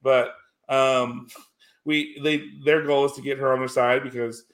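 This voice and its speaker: A man chatting loosely about a film, wandering through the plot with plenty of ums and false starts. His voice sits at an everyday middle pitch. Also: flat delivery, a little slow. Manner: rambling, many fillers and restarts. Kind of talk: casual chat recapping a film.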